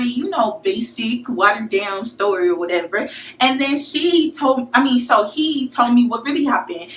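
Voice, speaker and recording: A young woman from St. Louis telling a college story to her viewers in a casual, slangy, animated way. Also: a little high, slight background noise. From St. Louis, USA. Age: young adult. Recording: echoey room, mic at a distance.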